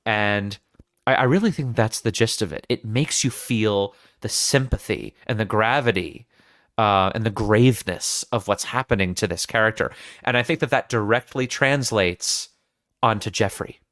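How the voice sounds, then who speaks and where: A man's voice: on the low side, moderate pace, a bit bright, no room sound, clean studio sound. A man hosting a podcast, talking through a film scene in earnest, analytical casual chat, often restarting his sentences. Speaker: podcast host.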